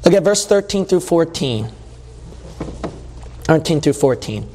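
A man's voice: on the high side, animated, unhurried, pauses often, dark tone. A man preaching a sermon in a conversational way, reading scripture and acting out quotes. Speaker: pastor. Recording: long hall reverb.

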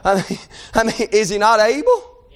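With big swings in pitch and a normal speaking speed, a man preaches a fervent sermon. He alternates shouted pleas with low, quiet moments, and his phrasing is homespun and informal.

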